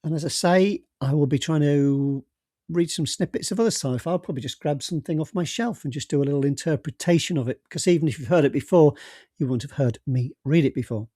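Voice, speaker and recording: A man's voice: on the high side, fast, dark tone, no echo, clean studio sound. A man narrating his own science fiction comedy, then chatting hesitantly to listeners. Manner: hesitant, with fillers and restarts in the chat. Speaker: author and narrator. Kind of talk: storybook narration and casual chat.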